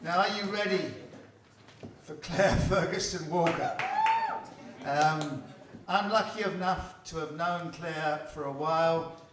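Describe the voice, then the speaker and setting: A man hosting a poetry event, introducing the next performer in a relaxed, chatty way. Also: fairly high pitch, takes it slowly, a little hiss or hum. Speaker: event host. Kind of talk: stage introduction. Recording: echoey room, distant mic, faint crowd.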